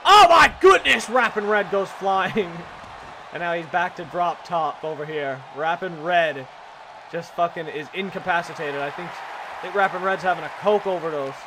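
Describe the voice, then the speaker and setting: A man calls a video game wrestling match in casual play-by-play, joking and cursing as he goes. His voice sits high and keeps jumping into excited shouts. Loud crowd noise and game sounds fill the recording behind him. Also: normal speed. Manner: excitable, profane, jokey, frequent shouts and laughs. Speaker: gaming YouTuber doing wrestling commentary. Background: video game arena crowd.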